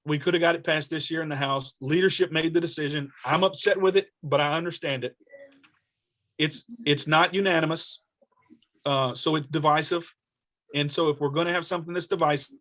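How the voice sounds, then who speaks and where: This state representative speaks in a fairly high, slightly bright voice. On a video call he fields questions and shares stories in an earnest way, frequently starting over.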